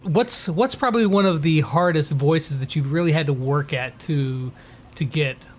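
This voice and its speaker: A man hosting an interview, enthusiastic and quick to laugh. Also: a little high. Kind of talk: interview chat.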